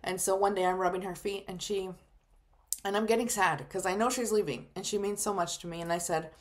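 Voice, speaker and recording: Woman, 30s, psychic medium telling her own story on camera; casual, emotional, filler-heavy delivery, mid pitch. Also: fairly even intonation, fairly quick.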